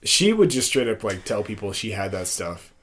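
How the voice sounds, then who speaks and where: A man's voice: lowish voice, sing-song, moderate pace, a bit bright. Laughing young man in casual chat. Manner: joking, laughs often, crude humor. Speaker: podcast co-host.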